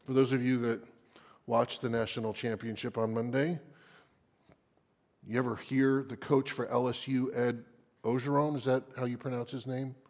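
A man preaching a sermon dramatically, at times dropping into a hushed whisper for emphasis. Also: medium pitch, flat delivery, moderate pace.

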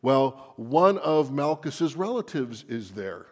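Slow, dramatic male preacher. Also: medium pitch. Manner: dramatic, drops into hushed whispers for emphasis. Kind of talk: sermon.

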